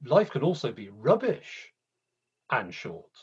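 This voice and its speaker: A man's voice: medium pitch, huge pitch swings, a little mellow, slightly rough. A man preaching a sermon in a conversational way, with frequent restarts. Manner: conversational, halting with repeated restarts. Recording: slightly dull lo-fi sound.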